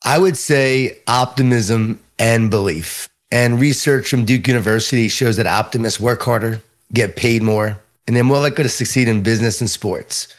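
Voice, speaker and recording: Man, Long Island New York accent, middle-aged, interview guest, animated storyteller. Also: medium pitch, normal speed, few pauses. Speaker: guest author.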